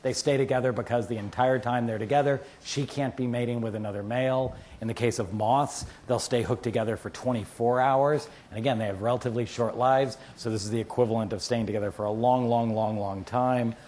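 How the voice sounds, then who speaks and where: A university lecturer, a man, teaching biology with lively stories and quick asides to the class. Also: medium pitch, a little hiss or hum. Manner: animated storyteller, quotes friends in asides. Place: lecture hall.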